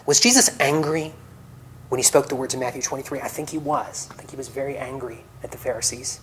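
A man preaching a sermon, reading scripture loudly and then dropping to soft, near-whispered reflections. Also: mid-range voice, steady tone, quick pace, slight background noise, rough recording.

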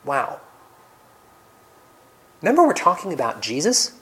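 Earnest male preacher delivering a sermon; swings between ringing scripture reading and hushed, whispered asides. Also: a little high, huge pitch swings, a little slow, poor audio.

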